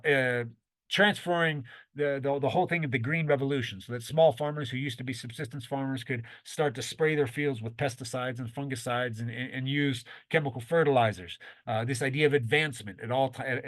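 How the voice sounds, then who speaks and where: A man's voice: medium pitch, brisk. A male professor giving a recorded online lecture in a conversational, explanatory way, thinking aloud and often restarting his sentences. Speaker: university professor.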